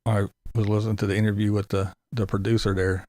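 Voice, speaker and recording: A man's voice: lowish voice, level tone, fast, warm tone, no echo. A man hosting a casual commentary show. He talks to his chat, swears freely and breaks into laughs often. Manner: profane, laughs often, incredulous.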